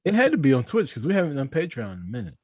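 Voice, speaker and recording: A man co-hosting a podcast, excitable and quick to laugh, with a husky voice. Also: medium pitch, no echo, clean studio sound. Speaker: podcast co-host. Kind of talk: casual podcast banter.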